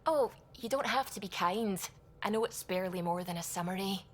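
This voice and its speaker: A woman's voice: medium pitch, a little fast, natural voice. An actress with a West Coast Scottish accent playing an eager, chatty female scientist. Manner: enthusiastic, rambling.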